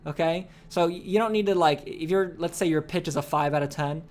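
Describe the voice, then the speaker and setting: A man's voice: a little high, a little fast, a little mellow. A young man giving a casual sales training talk, rambling with lots of fillers and frequent "okay?" check-ins. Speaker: course instructor.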